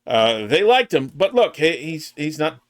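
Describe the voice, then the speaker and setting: A man's voice: on the high side, very animated. A man co-hosting a sports podcast in casual chat, building his points step by step. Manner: measured, builds points in lists. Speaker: podcast co-host.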